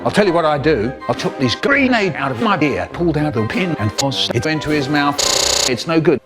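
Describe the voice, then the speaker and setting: Animated man spinning a silly tale. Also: a little fast. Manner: animated storyteller, voices jumping high and low. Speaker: narrator. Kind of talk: spliced comedic storytelling. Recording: music bed underneath.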